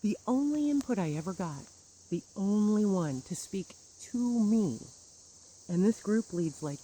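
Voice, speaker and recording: A woman's voice: mid-range voice, expressive, unhurried, warm tone, a little hiss or hum, poor audio. A woman telling a personal grievance story in a bitter, sarcastic monologue with wry laughs. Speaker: churchgoer recounting grievances.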